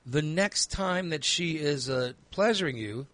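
A man's voice: fairly high pitch, expressive, measured pace, a bit bright, no echo. A man telling crude comedic stories in casual chat, acting out quoted lines in a raised voice.

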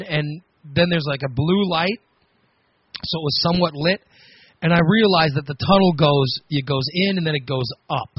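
A man hosting a radio show, telling a story on air in a casual, animated, self-mocking way with frequent laughs. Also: on the high side, breathy edge, no echo, highs cut off. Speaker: radio host.

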